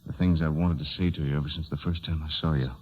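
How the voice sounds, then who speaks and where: An actor playing a rough, ardent stable hand who talks in an earnest, forceful way, in a 1930s radio drama. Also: male voice, rumbling low, steady tone, fast. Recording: dull old radio broadcast recording.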